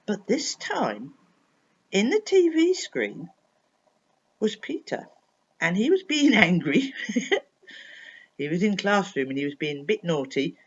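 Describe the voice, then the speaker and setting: A woman tells a children's story with a lively, sing-song voice. She speaks to her listener directly, asking questions along the way. The recording is dull and lo-fi. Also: low voice, breathy edge. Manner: expressive, addressing the listener with questions. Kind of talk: bedtime story reading for children.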